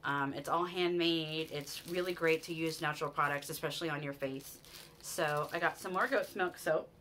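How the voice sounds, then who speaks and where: Bright chatty woman vlogger. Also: deep voice, fairly even intonation, normal speed, a little hiss or hum. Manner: chatty, gushing, gets sentimental. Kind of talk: casual haul chat to camera.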